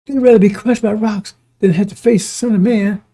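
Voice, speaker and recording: High-voiced man preaching with a mellow tone. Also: steady tone, a little fast. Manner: emphatic, repetitive, chuckling often, with profanity. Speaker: religious teacher. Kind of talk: informal preaching on scripture.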